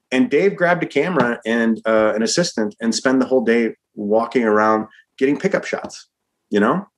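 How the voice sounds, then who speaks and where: A man, a screenwriter being interviewed, talking in an energetic, rambling way and calling the host dude and man. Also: on the low side. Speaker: screenwriter guest. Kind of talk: casual interview chat.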